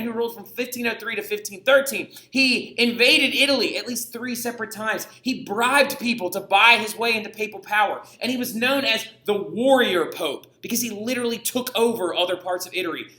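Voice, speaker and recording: A male teacher lectures in a loose, conversational way, tossing in slang and asking "right?" again and again. His voice sits high and cuts through with a very sharp, bright edge. The room around him rings with a noticeable echo. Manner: chatty and slangy, keeps checking in with "right?". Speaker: history teacher. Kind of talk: casual recorded classroom lecture. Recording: echoey room.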